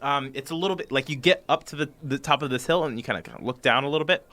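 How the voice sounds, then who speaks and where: Bright-voiced man running a tabletop game. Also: medium pitch, racing, slight background noise. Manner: rambling, lots of fillers and restarts. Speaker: game master.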